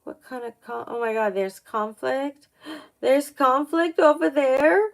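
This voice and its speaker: Woman doing a live tarot stream, kinda high voice, slow and halting, lots of gasps and oh my gods. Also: gravelly. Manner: halting and excitable, many gasps and "oh my God"; restarts sentences, thinks aloud. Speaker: tarot reader on a livestream. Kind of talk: live-streamed tarot reading, chatting with viewers.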